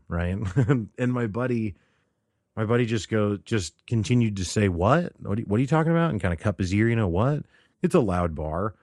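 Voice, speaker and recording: A man's voice: sits low, a little mellow, no room sound, clean studio sound. A man hosting a casual solo podcast, talking loosely, laughing often and acting out the people he quotes. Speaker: podcast host.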